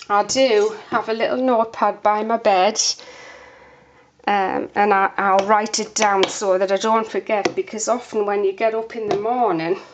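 A woman's voice: medium pitch, a little hiss or hum. A woman soap maker chatting casually through a demonstration, a bit out of breath, with lots of fillers. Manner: chatty, unhurried, many fillers.

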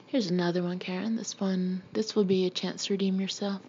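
A woman voicing a gruff, domineering middle-aged Marine officer father who barks questions at his children. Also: medium pitch, level tone, brisk, a little mellow, dull audio, slight background noise, close to an everyday voice. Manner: blustering, barking questions.

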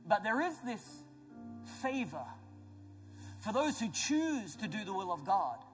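A man preaching a sermon as pastor, emphatic and building to loud declarations, with joking asides to the congregation. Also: high-pitched, very animated, slow pace. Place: church auditorium. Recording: large church hall with reverb and faint music.

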